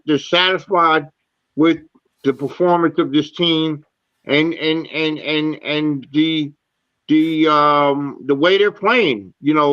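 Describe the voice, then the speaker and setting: A man's voice: fairly high pitch, pushed and bright, muffled recording. A man hosting a postgame sports talk show, reading stats with many fillers and restarts. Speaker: show host.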